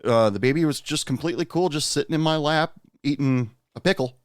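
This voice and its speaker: A man hosting a podcast, telling a personal story in a casual, rambling way with lots of pauses. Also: on the high side, no room sound, clean studio sound. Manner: rambling, many "uh" pauses, animated when quoting. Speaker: podcast host and bartender.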